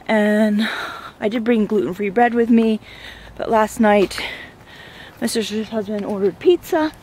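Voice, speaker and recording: Woman, fairly high voice, rambling walk-and-talk vlog, a bit winded, handheld camera outdoors, faint traffic behind. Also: a little mellow. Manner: chatty, rambling, easily awed. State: slightly out of breath from walking uphill. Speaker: vlogger. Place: outdoors on a neighborhood trail. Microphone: handheld camera, at times turned away.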